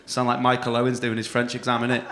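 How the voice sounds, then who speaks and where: A man's voice: medium pitch, gravelly, fairly bright tone, a little hiss or hum. A male comedy compere, doing brash, teasing crowd work full of swearing at a stand-up gig. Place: comedy club stage. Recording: echoey club room.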